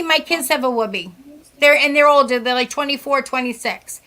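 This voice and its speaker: A middle-aged woman with a high, bright voice talks as a psychic medium guest. She chats animatedly and acts out the dialogue she quotes. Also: normal speed. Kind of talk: casual podcast chat.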